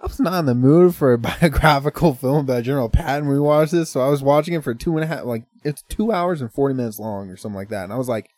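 A man's voice: medium pitch, fast talker, hardly any pauses, darkish tone, dry recording. A man chatting casually as a podcast co-host, rambling through movie plots, laughing often and swearing freely. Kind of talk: casual chat.

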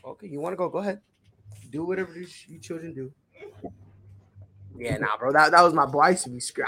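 A man co-hosting a podcast in casual chat, excitable and slangy, trash-talking his friend. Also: medium pitch, brisk. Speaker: podcast co-host.

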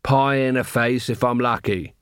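A mournful male clown, as a man reads him in an audiobook, nervous and hesitant. He speaks slowly, in a low, mumbling voice. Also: fairly even intonation, fairly bright tone, clean tone, no echo, studio quality, natural voice. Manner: slow and mumbling.

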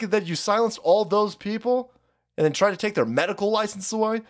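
A man's voice: sits high, fairly quick. A man hosting a live stream, ranting in a profane, sarcastic way. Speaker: streamer host.

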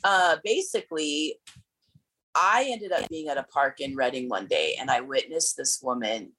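A woman's voice: deep voice, expressive, normal speed, fairly bright tone, breathy edge, low-quality recording. A woman in her forties, a pastor and speaker, giving candid personal testimony as an interview guest, earnest and tumbling over her words with restarts.

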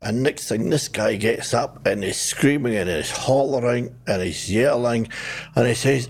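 An older man tells his life story in conversation. He has a husky, slightly rough voice and an animated way of telling it, acting out his old self and other people as he goes. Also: medium pitch, measured pace. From New Zealand. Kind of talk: conversational testimony.

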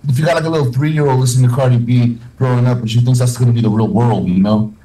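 Young male podcast host, mellow tone, rambles and restarts mid-thought. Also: mid-range voice, steady tone, fast, poor audio. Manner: rambling, many restarts and fillers. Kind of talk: casual podcast chat.

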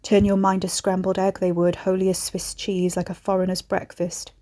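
A woman reading a horror story aloud in a measured storytelling manner. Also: mid-range voice, flat delivery, warm tone. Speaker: narrator. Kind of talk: scripted horror narration.

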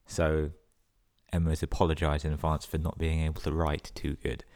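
A man with a very low, deep voice reads listener stories on his podcast. He keeps cutting in with sweary, sarcastic jokes between the sentences. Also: completely flat delivery, fast, a little mellow. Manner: sweary, sarcastic running commentary. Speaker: podcast host. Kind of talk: reading listener emails with comic asides.

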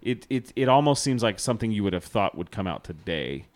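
A man co-hosting a casual podcast, his voice sitting low. He rambles through his points, stumbling over fillers and restarting sentences as he goes. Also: very animated, a little fast. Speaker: podcast co-host. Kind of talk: casual chat.

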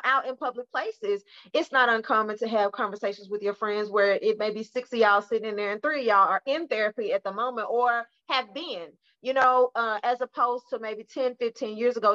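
A woman's voice: on the high side, bright, forceful tone, highs cut off. A woman in her forties, a therapist co-hosting a podcast, talking emphatically in casual chat and repeating points for stress.

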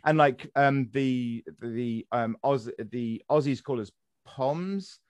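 A young English man chatting casually as a podcast host, his talk meandering through fillers and restarts. His voice sits at a middling pitch and sounds dry and close, with no room around it. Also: slow pace, darkish tone, dry recording. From England. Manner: rambling, with many fillers and restarts. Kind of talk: casual conversational chat.

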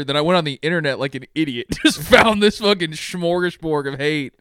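Laughing, animated man with a higher voice. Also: a little fast, clear, resonant tone, no echo, clean studio sound. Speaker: podcast co-host. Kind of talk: casual movie review chat.

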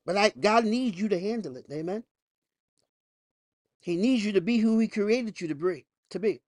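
A man's voice: sits high, expressive, moderate pace, a little mellow, no room sound. Emphatic male preacher, dry sound. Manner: emphatic preaching with folksy asides and rhetorical questions. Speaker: pastor. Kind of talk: sermon.

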